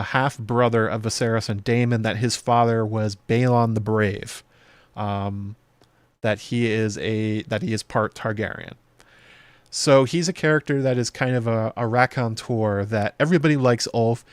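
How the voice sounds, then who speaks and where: A man hosting a video show, talking through a TV episode in loose, chatty commentary full of fillers and quick playful impressions. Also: mid-range voice, dry recording. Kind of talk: casual episode breakdown commentary.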